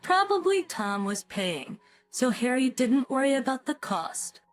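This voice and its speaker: Slow, lively-voiced woman narrator. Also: sits high. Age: 50s. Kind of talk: scripted first-person story narration. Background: faint background music.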